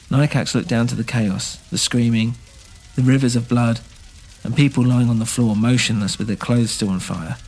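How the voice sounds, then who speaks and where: A man narrating a scripted fantasy audio drama in a measured, dramatic way. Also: mid-range voice, steady tone, darkish tone, husky.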